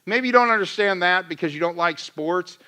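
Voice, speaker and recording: A man's voice: high-pitched, brisk, sharp tone, smooth. A middle-aged man preaching a sermon in a church, conversational and self-deprecating, acting out his own rants as examples. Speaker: pastor.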